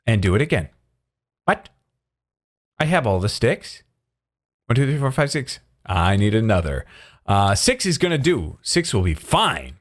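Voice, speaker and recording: A man's voice: medium pitch, sing-song, a little slow, long pauses. Rambling man in laid-back game commentary. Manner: rambling, self-interrupting, chuckles often. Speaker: gaming video creator. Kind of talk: casual gameplay commentary.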